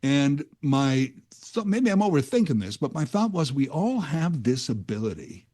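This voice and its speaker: A man hosts talk radio, his voice dark and mellow as he drifts through a casual, rambling monologue. He talks like a self-aware storyteller, admitting he's wandering off track. He sits close to a studio microphone. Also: mid-range voice, very animated, normal speed. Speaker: guest radio host.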